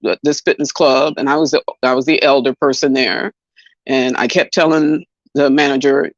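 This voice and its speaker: A man's voice: medium pitch, fairly even intonation, normal speed, no room sound. A middle-aged man joining a casual online discussion, telling stories in an easygoing way and repeating points for emphasis. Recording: dry, slightly dull call audio.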